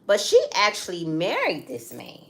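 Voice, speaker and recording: A woman's voice: lowish voice, huge pitch swings, normal speed, fairly bright tone, a little hiss or hum. A middle-aged woman co-hosting a casual talk show, telling a story emphatically and turning to the audience with direct asides. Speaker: co-host. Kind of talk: casual chat.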